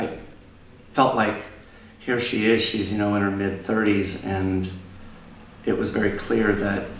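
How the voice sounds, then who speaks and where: A man, an endurance coach, explaining his training ideas in an interview in a measured way, often repeating a word as he starts a sentence. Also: on the low side, distant mic. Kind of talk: interview answer. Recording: roomy sound from off-mic with faint noise.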